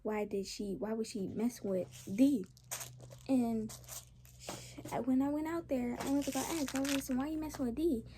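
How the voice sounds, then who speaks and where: A woman's voice: on the high side, normal speed, long pauses, noisy background. A young woman casually telling a storytime, rambling along with slang and lots of restarts. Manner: rambling, animated retelling with slang.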